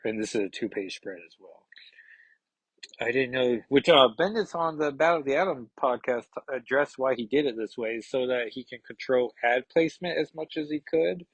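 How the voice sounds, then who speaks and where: Husky man casually recapping a comic. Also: mid-range voice, dry recording, rough recording. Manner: rambling, filler-heavy, reads dialogue in quick put-on voices. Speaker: comic book podcast host. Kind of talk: casual comic read-through with commentary.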